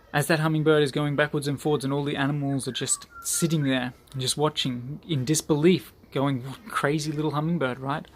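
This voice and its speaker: A man's voice: a little high, slight background noise. A man giving an earnest motivational talk to his group, repeating phrases for emphasis. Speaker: group leader.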